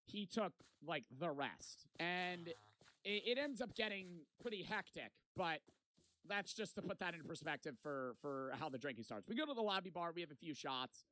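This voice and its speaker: A man's voice: a little high, expressive, normal speed, fairly bright tone. A young man casually telling a long vacation story, rambling and swearing a lot and often tagging lines with "right?". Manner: rambling, profane, repeats "right?". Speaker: vlogger.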